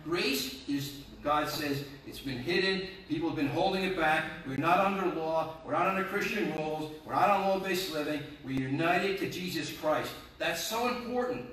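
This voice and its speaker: Impassioned preacher in an echoey hall. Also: male voice, fairly high pitch, moderate pace, few pauses, fairly bright tone, slight background noise. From North Jersey, USA. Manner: impassioned, hammering rhetorical questions and repeated phrases. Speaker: pastor. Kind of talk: sermon. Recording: very echoey room, mic at a distance.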